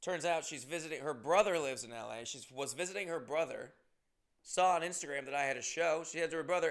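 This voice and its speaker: This man's voice is a little high, creaky, and fairly bright, and he talks fast. He's a comedian hosting a podcast, giving a casual monologue full of rambling, self-deprecating stories and frequent swearing.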